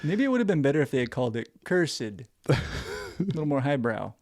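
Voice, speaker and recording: Wisecracking man co-host, animated pitch. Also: a little fast, dry recording, clean studio sound. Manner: wisecracking, deadpan quips. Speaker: podcast co-host. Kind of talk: casual chat.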